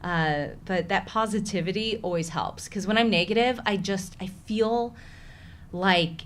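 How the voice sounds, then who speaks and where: A woman's voice: medium pitch, measured pace, a little hiss or hum. A woman with a Chicago accent, an actress talking candidly in a casual interview and laughing often. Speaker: actress, podcast guest.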